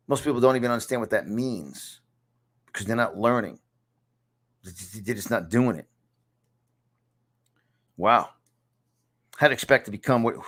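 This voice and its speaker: A man in his fifties with a New York accent, a podcast host and success coach, gives a motivational talk from a home studio. His voice is fairly low and a bit bright, and he repeats key lines in an emphatic, punchy, preacher-like way.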